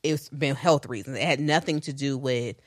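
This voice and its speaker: A woman in her thirties co-hosting a podcast in casual chat, talking in quick bursts and laughing often. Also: extremely low pitch, no room sound, studio quality. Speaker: podcast co-host.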